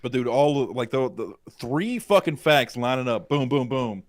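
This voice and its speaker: A man's voice: mid-range voice, lively intonation, moderate pace, no echo. Swearing man in a dry room. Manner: rambling, heavy swearing. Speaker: podcast co-host. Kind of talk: casual livestream chat.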